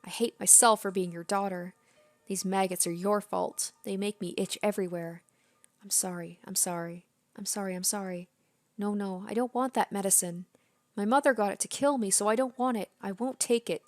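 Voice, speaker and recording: A woman's voice: mid-range voice, fairly quick, no echo, faint music behind, natural voice. A woman reading the lines of a disturbed teenage girl from a visual novel, repeating herself feverishly. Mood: frantic. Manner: feverish, repetitive apologizing.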